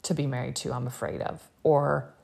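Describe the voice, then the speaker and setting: Woman recap commentator, husky creaky voice, animated, exasperated. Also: extremely low pitch, normal speed. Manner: animated, exasperated, quotes people in raised voice. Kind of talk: casual recap chat.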